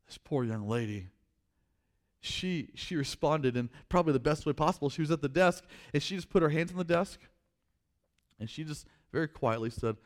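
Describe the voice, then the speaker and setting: A male pastor tells a story in a sermon and acts out the scenes with rising force. For his main points he drops to a slow, quiet voice. His pitch sits in the middle for a man.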